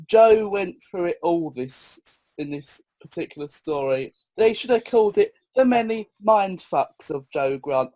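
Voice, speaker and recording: A man's voice: sits high, animated, unhurried, mellow, poor audio. A man on a podcast, gushing enthusiastically about a story he loved. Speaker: podcast guest. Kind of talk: casual podcast chat.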